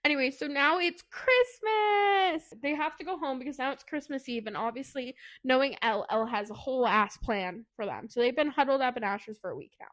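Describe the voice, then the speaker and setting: A woman co-hosting a podcast, chatting through a book's plot in a fairly high voice. She is animated and giggly as she retells it. She slips into a higher voice to act out the characters' lines. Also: fast talker, hardly any pauses. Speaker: podcast co-host. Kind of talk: casual book recap chat.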